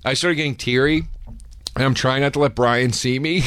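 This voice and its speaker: A man hosting a podcast, telling stories in casual chat with lots of swearing and animated quoting. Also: medium pitch, normal speed, clean tone, no room sound, clean studio sound. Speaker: podcast host.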